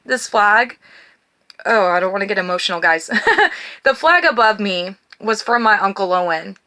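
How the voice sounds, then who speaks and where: A middle-aged woman leads a spiritual tarot and oracle card reading in a bright, clear, mid-range voice. She reads blessings in a slow, gentle cadence, then talks to viewers warmly, emotionally and earnestly, as if speaking personally to each one.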